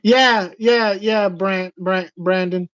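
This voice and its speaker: A woman hosting a casual livestream chat, telling stories with animated delivery and acting out the voices of people she quotes. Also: medium pitch, takes it slowly, no room sound, dull audio. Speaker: livestream host.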